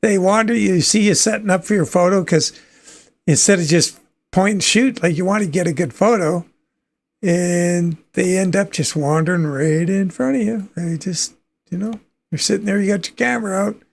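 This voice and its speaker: A Canadian man hosts a livestream, chatting casually and thinking aloud while playing a trucking game, chuckling easily. His voice sits high with vocal fry, and he talks at a moderate pace.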